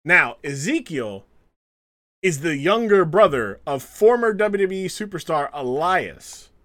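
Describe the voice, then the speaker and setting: With a highish voice and a measured pace, a man shares energetic stories on a casual podcast he co-hosts. He acts out whoever he's quoting.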